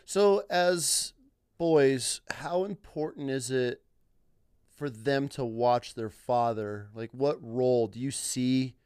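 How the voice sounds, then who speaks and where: A man's voice: medium pitch, slow, darkish tone, smooth, no echo, clean studio sound. A man hosting a podcast interview, asking long, thoughtful questions with frequent restarts. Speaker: podcast host. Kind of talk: casual interview chat.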